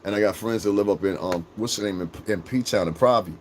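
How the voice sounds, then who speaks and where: A man's voice: on the low side, a little fast, darkish tone, a little hiss or hum. Profane Connecticut man rambling on a livestream. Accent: Connecticut shoreline, New England and New York mix. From Connecticut, USA. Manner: rambling, profane, laughs often, reads and answers chat. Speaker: livestream host. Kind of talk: casual livestream chat.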